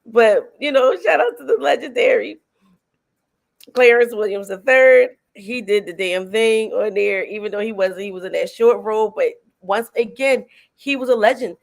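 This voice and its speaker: A woman hosting a film reaction show, chatting casually and excitably, laughing often and using slang. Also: mid-range voice, normal speed, creaky.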